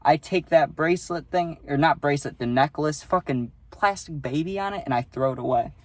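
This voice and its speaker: A man's voice: fairly high pitch, brisk, no room sound. Profane young man rambling a storytime. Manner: profane, rambling, keeps asking "right?". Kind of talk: casual storytime.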